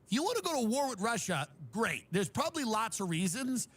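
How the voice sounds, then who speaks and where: High-pitched man ranting in disbelief. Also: big pitch swings, fairly quick, fairly bright tone, breathy edge. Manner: exasperated, incredulous, sarcastic; acts out friends' voices in mocking asides. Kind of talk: comedic rant.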